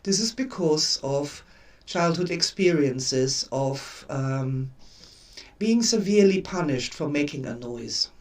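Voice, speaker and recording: An older woman hosting a live stream, telling stories in an expressive way and repeating words for emphasis. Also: deep voice, takes it slowly, recorded from a distance. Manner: expressive storyteller with emphatic repetition. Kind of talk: casual spoken talk.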